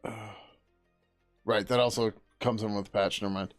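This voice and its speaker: Low-voiced man muttering while coding. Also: steady tone, moderate pace, faint music behind. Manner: mutters to himself, casual swearing, trailing off. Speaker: software developer streaming his work. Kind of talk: live coding, thinking aloud.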